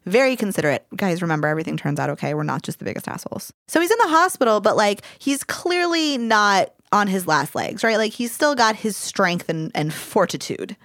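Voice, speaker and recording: A woman's voice: medium pitch, lively intonation, brisk, few pauses, fairly bright tone, no echo, studio quality. A young woman from California co-hosting a podcast, chatty and teasing with lots of fillers. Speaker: podcast co-host. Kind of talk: casual chat.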